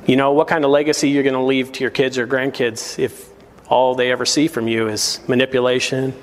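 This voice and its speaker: A man's voice: mid-range voice, flat delivery, fairly quick, in a large hall, a little hiss or hum. A man preaching a verse-by-verse sermon as pastor, earnest and emphatic, often putting rhetorical questions to his congregation.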